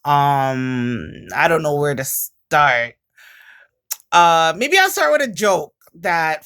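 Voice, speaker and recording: Jamaican woman vlogger, casual rambling chat, unhurried delivery. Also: deep voice, animated, fairly bright tone. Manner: chatty, rambling storyteller with frequent swearing and laughter.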